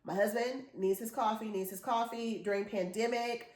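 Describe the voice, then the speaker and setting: A woman's voice: a little high, steady tone, normal speed, darkish tone. A woman in her forties chatting casually through a shopping haul, rambling and enthusiastic. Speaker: haul vlogger. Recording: echoey room.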